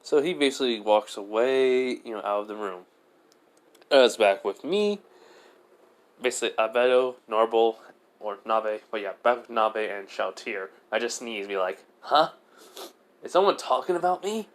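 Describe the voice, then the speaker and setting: A man's voice: fairly low pitch, moderate pace. A man telling an improvised fan story in a rambling way, full of fillers and self-corrections. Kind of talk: improvised fan-fiction narration.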